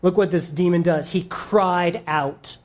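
A man's voice: sits high, steady tone, unhurried. Man preaching in a conversational way. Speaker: pastor. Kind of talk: sermon.

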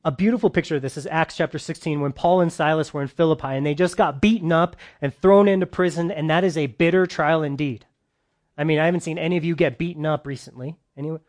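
A man preaching a conversational sermon who keeps asking his listeners questions and swings between loud, emphatic bursts and quiet, soft stretches. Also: fairly high pitch, fairly even intonation, fast talker.

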